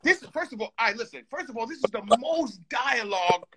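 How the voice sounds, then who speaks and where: A man's voice: very high voice, lively intonation, fast talker, a crowd in the background. A man arguing heatedly on a live call, insistent and repeating himself as he talks over the others. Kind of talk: heated argument.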